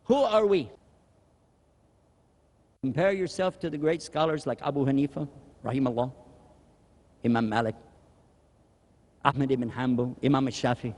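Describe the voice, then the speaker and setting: A man preaching a sermon in an animated, humorous way, acting out little scenes of dialogue. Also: medium pitch. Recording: echoey hall reverb.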